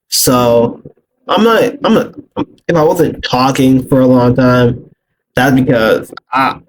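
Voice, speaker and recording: A tired young man from Canada talks slowly in a relaxed, rambling way, his voice at an ordinary middle pitch. Faint noise sits behind him. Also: low-quality recording. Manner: laid-back, rambling, joking. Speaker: reaction video host. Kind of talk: casual reaction chat.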